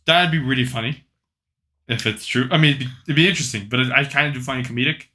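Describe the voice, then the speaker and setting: A man's voice: medium pitch, fast talker, sharp tone. A man co-hosting a podcast, chatting casually with wry, teasing remarks. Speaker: podcast co-host. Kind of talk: casual political chat.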